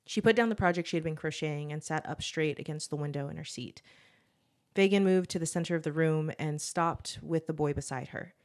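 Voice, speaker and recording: A woman co-hosting a podcast, reading her own original story aloud in a steady storytelling voice, then chatting and laughing with her co-host. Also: sits low, a little fast. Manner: steady storytelling read, laughs often in chat.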